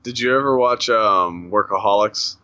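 A man's voice: fairly low pitch, normal speed, bright, forceful tone, no echo, dull audio. A man in casual podcast chat, rambling through stories with lots of fillers and frequent laughs. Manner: rambling storyteller, many "like" fillers, laughs often.

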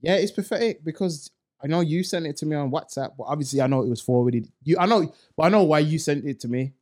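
A man's voice: quick pace, a little mellow. A man ranting bluntly in a casual podcast chat, full of street slang. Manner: mocks others in high put-on voices. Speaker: podcast co-host.

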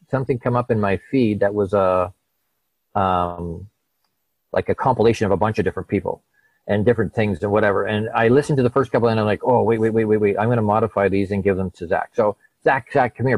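Low-voiced middle-aged man telling stories. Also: no room sound, rough recording. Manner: animated, acts out quoted dialogue. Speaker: guest. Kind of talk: conversational storytelling.

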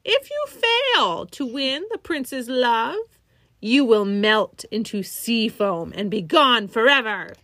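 A woman's voice: on the high side, sing-song, takes it slowly, fairly bright tone, no echo, full character voice. A woman voicing a cackling, menacing old sea witch in a children's storybook reading. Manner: menacing, bargaining.

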